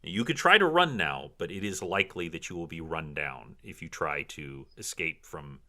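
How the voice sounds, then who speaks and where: Deep-voiced, animated male dungeon master. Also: normal speed. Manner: animated, dramatic storytelling. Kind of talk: narrating a tabletop game.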